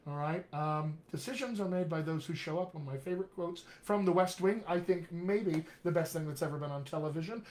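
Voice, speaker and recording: A middle-aged man, a dialect coach, giving an energetic, jokey live-streamed lesson, often checking in with "all right?". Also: a little high. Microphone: webcam or computer mic on a live video stream.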